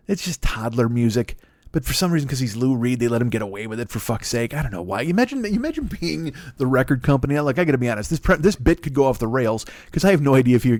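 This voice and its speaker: A middle-aged male comedian riffs through a loose, sarcastic monologue, swearing freely and wandering off on tangents. His voice sits at an ordinary pitch. The recording is dry and close. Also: a little mellow, no room sound. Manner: rambling, profane, sarcastic. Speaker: comedian podcast host. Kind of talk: stand-up style monologue.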